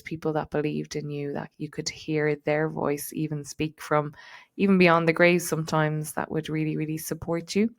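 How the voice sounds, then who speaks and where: A middle-aged woman hosting a podcast, giving casual coaching advice in a reflective way, with many fillers and repeated words. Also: sits low. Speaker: podcast host and transition coach.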